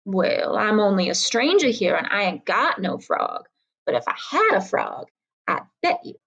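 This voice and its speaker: A woman voicing a male stranger in a mining camp who speaks slowly and deliberately. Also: medium pitch, wildly swooping pitch, a bit bright, husky, muffled recording, full character voice. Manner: slow and deliberate.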